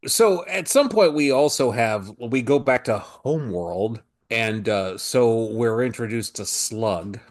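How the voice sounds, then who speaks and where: A man's voice: medium pitch, expressive, measured pace, hardly any pauses. A man co-hosting a casual comic book podcast, making playful, ironic asides. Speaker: podcast co-host.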